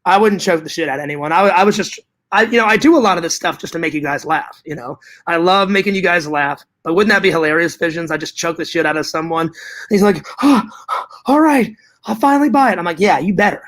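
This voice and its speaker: A man's voice: fairly high pitch, fast, a bit bright. A man vlogging to his viewers in casual chat, hyper and rambling, with joking profanity.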